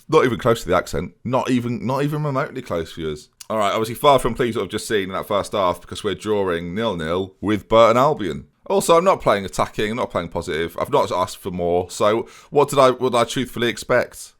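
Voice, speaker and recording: A man's voice: lowish voice, brisk, hardly any pauses, a bit bright. A young man hosting a gaming video, giving casual let's-play commentary in a sardonic, self-mocking way and talking straight to his viewers.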